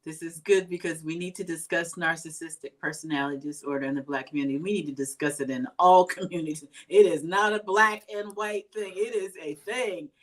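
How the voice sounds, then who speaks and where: A woman's voice: sits low, a little fast, hardly any pauses. A woman hosting a live interview, reading out viewer comments and asking questions with some hesitant fillers. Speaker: host.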